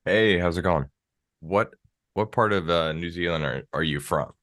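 A low-pitched American man hosts a podcast, his tone bright and forceful. He talks in a loose, rambling way, full of filler words. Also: moderate pace. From United States. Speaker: podcast host. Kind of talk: casual interview chat.

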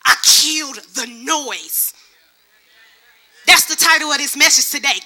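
A young woman giving a lively testimony sermon, acting out other people's voices as she tells her story. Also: high voice, a little slow, pauses often. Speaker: church speaker.

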